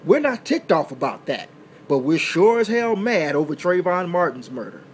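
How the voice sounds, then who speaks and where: A man hosts a talk radio show from a small indoor room, giving an impassioned, preachy monologue that builds to loud, emphatic outbursts. His voice sits high and sing-song at normal speed, with slight background noise.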